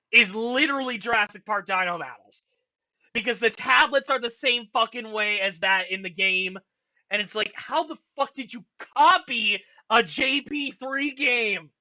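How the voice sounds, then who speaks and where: Exasperated profane ranting man, bright voice. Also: high voice. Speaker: vlogger ranking a film franchise. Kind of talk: casual ranting commentary.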